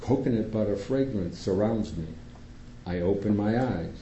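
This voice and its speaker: A man reading a first-person story aloud to an audience in a theater, steady and measured. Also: fairly low pitch, a little hiss or hum. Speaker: reader at a public reading. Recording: echoey room, dull lo-fi sound.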